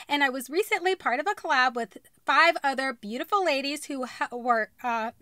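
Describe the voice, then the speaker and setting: A woman's voice: high voice, expressive, fairly quick, background noise. A young woman vlogging casually to camera, bubbly and laughing at her own retakes. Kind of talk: casual vlog to camera with bloopers.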